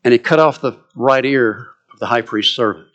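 A man's voice: mid-range voice, normal speed, fairly bright tone, dull audio. A man preaching a sermon, retelling a story with drama and vivid asides.

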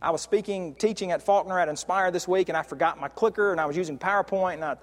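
A man preaching a sermon in a conversational way, often restarting and drawing out key words slowly. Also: high-pitched. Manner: conversational, with frequent restarts and slow stressed words. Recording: long hall reverb.

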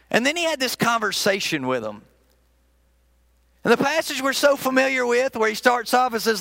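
A man's voice: extremely high pitch, big pitch swings, normal speed, gravelly, pushed and bright, no room sound. A man preaching a sermon, telling folksy stories in a conversational way with frequent restarts. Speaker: minister. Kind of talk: sermon with storytelling.

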